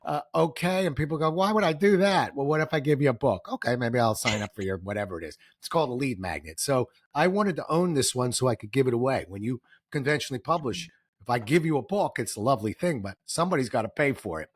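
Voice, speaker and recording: A middle-aged man, guest on an interview, telling stories in a lively way, acting out quoted voices and getting emotional. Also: medium pitch, fast talker, breathy edge, no echo, studio quality. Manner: animated, acts out quoted voices, gets emotional. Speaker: guest, author and speaker. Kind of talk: storytelling interview answers.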